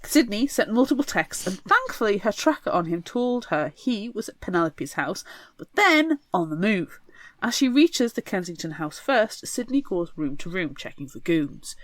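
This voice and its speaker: A woman's voice: medium pitch, big pitch swings, normal speed, fairly bright tone, dry recording. Wry woman summarizing a book. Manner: wry, sarcastic asides while summarizing. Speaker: podcast co-host. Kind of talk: casual book recap.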